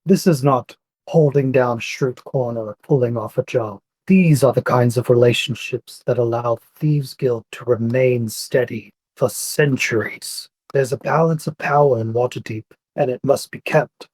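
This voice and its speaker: A man serves as dungeon master and narrates the scene. His voice is a little husky and sounds dry and close to the mic. He voices the characters in the game at an unhurried pace. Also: mid-range voice, a little mellow, no echo, low-quality recording.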